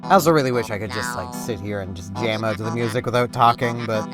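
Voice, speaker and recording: A man's voice: on the low side, quick pace. Rambling man chatting over game music. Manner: rambling, self-deprecating chatter. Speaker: gaming channel host. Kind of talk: casual gameplay commentary.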